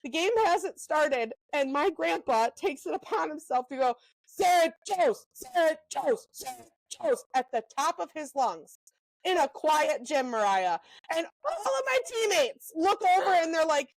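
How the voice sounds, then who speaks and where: A young woman co-hosting a podcast, telling animated stories in a casual chat, full of "um" and "like". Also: high voice, no echo, rough recording. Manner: animated storyteller, lots of "um" and "like", quick asides. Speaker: podcast co-host.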